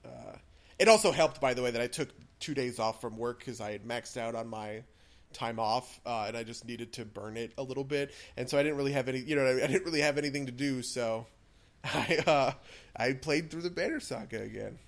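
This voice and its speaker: A man's voice: mid-range voice, a little fast, creaky. A young man co-hosting a casual podcast, chatting about games with lots of fillers and strong opinions. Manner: rambling, filler-heavy, opinionated. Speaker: podcast co-host.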